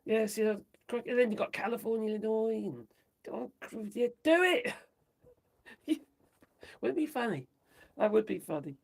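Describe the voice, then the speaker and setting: Reading from a phone during a casual livestream, this host rambles, giggles and mutters in reaction to viewers. The medium-pitched voice has lively intonation, a normal pace, vocal fry and frequent pauses.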